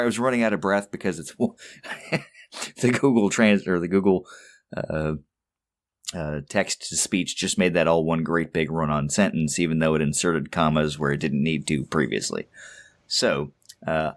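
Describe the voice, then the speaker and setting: A man's voice: sits low, moderate pace. A man co-hosting a casual podcast, rambling along with stammered restarts and little chuckles. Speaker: podcast co-host.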